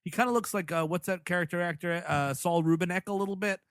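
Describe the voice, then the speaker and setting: A man's voice: high-pitched, fast, fairly bright tone, smooth, no echo, studio quality. Rambling male podcast co-host. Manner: rambling, many likes and restarts. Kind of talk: casual comedy chat.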